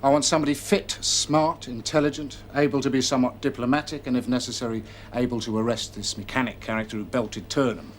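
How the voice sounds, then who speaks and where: A man's voice: mid-range voice, steady tone, fast talker, hardly any pauses, a little hiss or hum, lightly acted. A man playing a curt demanding police chief. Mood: impatient. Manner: curt, sarcastic, giving orders. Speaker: senior police officer. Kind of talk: 1990 television police drama acting.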